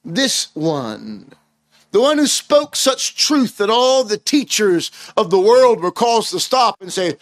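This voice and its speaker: A man's voice: sits high, sing-song, slow pace, dry recording. A man preaching a sermon in an earnest, emphatic way, asking his listeners rhetorical questions.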